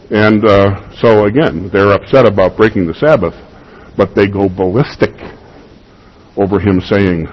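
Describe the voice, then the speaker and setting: A man's voice: on the low side, lo-fi sound. A man preaching a sermon, emphatic and given to repeating key phrases for weight.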